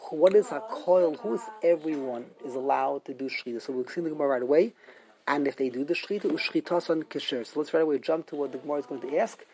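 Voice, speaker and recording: Man, Talmud teacher, gravelly, slightly high voice, emphatic and repetitive. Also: fast talker, a little mellow, low-quality recording. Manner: repetitive, emphatic explaining, mixing Yiddish and Hebrew terms. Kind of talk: Talmud class lecture.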